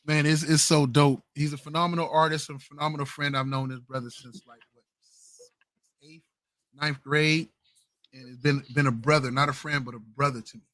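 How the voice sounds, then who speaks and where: Bright-voiced man hosting a late-night podcast. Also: fairly high pitch, flat delivery, moderate pace, no room sound. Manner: laid-back, hype-man greetings, slangy. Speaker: podcast host. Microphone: home streaming mic, adjusting gain.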